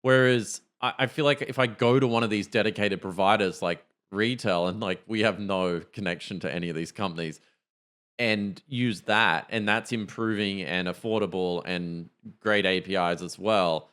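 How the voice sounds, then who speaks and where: Man, low voice, podcast co-host, skeptical, hesitant, frequent restarts. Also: moderate pace, a bit bright, clean tone. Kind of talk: casual tech chat.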